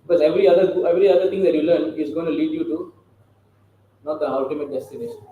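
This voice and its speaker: A man's voice: fairly high pitch, fairly even intonation, quick pace, phone-quality sound. Man lecturing in a very echoey room. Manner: conversational, keeps asking the audience rhetorical questions. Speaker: scripture class speaker. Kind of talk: scripture lecture. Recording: very echoey room with faint noise.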